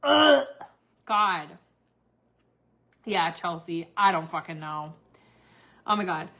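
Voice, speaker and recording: A woman's voice: low voice, fairly even intonation, a little slow, bright, forceful tone. Blunt, cussing woman ranting on a livestream. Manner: blunt, swears freely, filler-heavy. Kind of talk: candid casual livestream rant.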